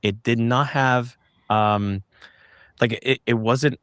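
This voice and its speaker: Slow, halting man telling a story. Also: mid-range voice, fairly even intonation, a bit bright, clean tone, no room sound, clean studio sound. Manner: halting, searching for words with many restarts. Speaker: interview guest recounting a sighting. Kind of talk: casual storytelling in an interview.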